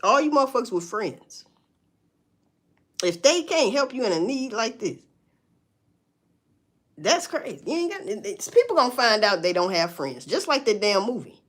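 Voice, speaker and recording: A woman's voice: on the high side, sing-song, moderate pace, long pauses, fairly bright tone. A woman talking bluntly and profanely to her viewers, preaching about work and faith in casual commentary. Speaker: social media commentator. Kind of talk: casual live-stream commentary.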